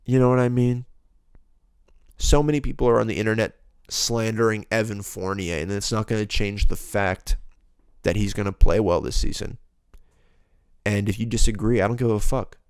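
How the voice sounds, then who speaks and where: A man's voice: fairly low pitch, normal speed, pauses often, clear, resonant tone, no echo, studio quality. A young man hosting a solo podcast, ranting bluntly and profanely in a rambling, casual way. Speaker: podcast host.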